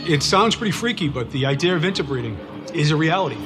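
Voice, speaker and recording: Measured man in a documentary clip. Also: on the high side, lively intonation. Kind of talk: documentary interview. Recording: documentary clip played in hall, music.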